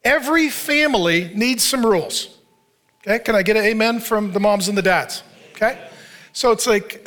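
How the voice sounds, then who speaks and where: A man's voice: sits high, expressive, brisk, a bit bright. A man preaching a conversational sermon in a church, with rhetorical questions, asides and humor. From Arizona, United States. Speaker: pastor.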